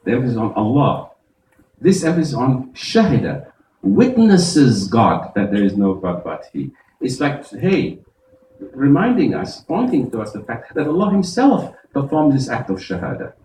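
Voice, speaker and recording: A man, an imam, giving a Friday sermon, explaining verses step by step and reciting Arabic quickly. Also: mid-range voice, very animated, mellow, echoey room, distant mic, slight background noise, poor audio. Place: mosque prayer hall.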